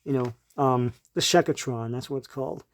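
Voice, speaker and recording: A man's voice: medium pitch, fairly even intonation, normal speed. A man casually retelling a comic book story as a reviewer, rambling with many ums and restarts. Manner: laughs lightly between remarks.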